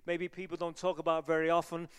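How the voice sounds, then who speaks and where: A male evangelist preaches in a church, his talk earnest, conversational and full of fillers. His voice is fairly high and smooth. A long reverb from the hall trails each phrase. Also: completely flat delivery, fast talker. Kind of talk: sermon.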